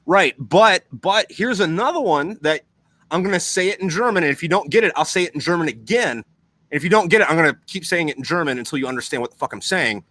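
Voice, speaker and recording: A young man on a podcast talks fast in a slightly high voice, rambling, swearing constantly and staying animated as he explains things. The sound has no echo.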